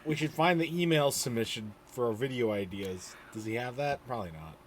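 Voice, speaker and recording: A man's voice: mid-range voice, lively intonation, a little fast. A man co-hosting a podcast, chatting casually and jokingly. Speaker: podcast co-host. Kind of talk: casual chat.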